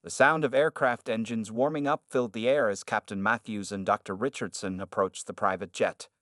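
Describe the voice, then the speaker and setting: Steady man narrating a story. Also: lowish voice, a little fast, no room sound, clean studio sound.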